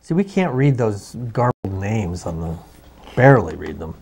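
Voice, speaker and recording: A man's voice: on the low side, big pitch swings, moderate pace, creaky, darkish tone, slight background noise. A man co-hosting a casual chat about movies, wry and jokey in his asides. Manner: wry, jokey, slips into playful voices. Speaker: co-host of a media show.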